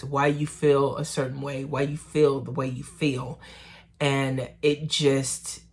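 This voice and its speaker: A woman talking slowly to her camera at home about her faith, in a soft and emotional way with pauses. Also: very deep voice. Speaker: vlogger. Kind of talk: personal faith vlog, candid talk to camera.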